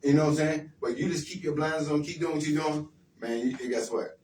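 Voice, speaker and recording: A man's voice: fairly high pitch, quick pace, a little mellow. Blunt, encouraging man on the radio. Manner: blunt, encouraging street talk with repetition. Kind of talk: casual radio talk. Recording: roomy sound from far off the mic with faint noise.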